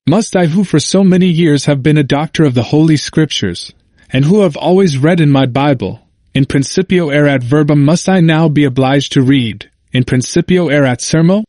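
A man's voice: medium pitch, moderate pace, darkish tone, dry recording, clean studio sound, close to an everyday voice. A man reading the part of a whining, fanatical old bishop who pleads before a king.

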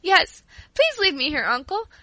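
A woman's voice: extremely high pitch, sing-song, unhurried, bright, forceful tone, dry recording, pitched above the performer's own voice, exaggerated voice. A woman voicing a tender-hearted young girl who pleads and coaxes to get her way in a storybook reading. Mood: pleading. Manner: pleading, coaxing.

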